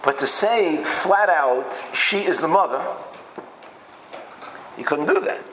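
High, bright-voiced man teaching Torah. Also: animated, slow pace, a little hiss or hum, poor audio. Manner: emphatic, repeats phrases while building a point; acts out quoted speech in changed voices. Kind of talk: lecture-style Torah class.

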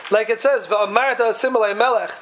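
A man's voice: high voice, steady tone, fast talker, fairly bright tone, low-quality recording. A man giving a Talmudic lecture to a class, posing question after question in a sing-song study cadence. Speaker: Torah teacher.

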